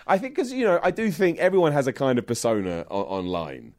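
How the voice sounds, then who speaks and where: A man's voice: medium pitch, lively intonation, a little fast, hardly any pauses, darkish tone. Self-deprecating Englishman with a Luton accent. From England. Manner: self-deprecating, laughs often, rambling. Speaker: interview guest, wrestling presenter. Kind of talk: casual interview chat.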